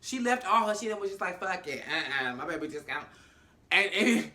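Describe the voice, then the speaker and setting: Woman, AAVE, casual TV recap, animated, slangy and cursing, acts out the characters, bright forceful tone. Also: lowish voice, brisk. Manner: animated, acts out characters' lines in different voices; slangy and profane. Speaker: TV episode recap host.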